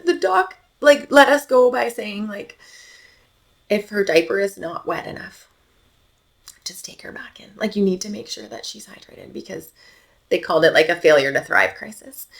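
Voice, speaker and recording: A Canadian mother in her thirties describes her baby daughter's illness on a podcast in a creaky, mid-range voice. The talk is casual and sprinkled with fillers, and she regularly lowers her voice almost to a whisper.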